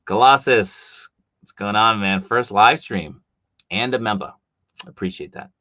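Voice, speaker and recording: Deep-voiced man with a Boston accent. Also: a little slow, pushed and bright, no room sound. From Boston, USA. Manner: rambling, reads out chat comments with fillers. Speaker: live stream host. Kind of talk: casual live stream chat.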